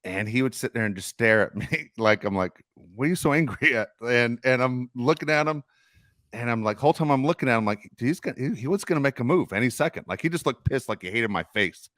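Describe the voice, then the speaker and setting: A middle-aged man hosting a sports podcast, telling stories in casual, animated chat. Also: mid-range voice, a little fast, no echo, studio quality. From Los Angeles area. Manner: storytelling, animated, swears casually. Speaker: podcast host.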